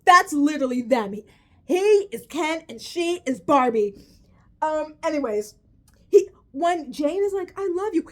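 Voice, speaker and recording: A young woman rants to her viewers in casual video commentary, exasperated and peppering her talk with swearing and "bro". Her voice sits high and jumps all over the place as she gets worked up. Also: lively intonation, unhurried, pauses often. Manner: exasperated, swears a lot, says "bro" often. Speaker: vlogger.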